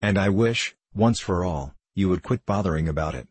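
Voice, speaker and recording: A man reading the lines of a sullen, stubborn businessman in his own low voice. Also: animated, moderate pace, darkish tone, breathy edge, dry recording. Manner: sullen, curt.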